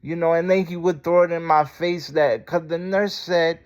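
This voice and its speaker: Indignant man ranting, slightly high voice. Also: steady tone, normal speed, smooth. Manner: heated, profane and indignant. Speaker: vlogger. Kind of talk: angry casual rant to camera.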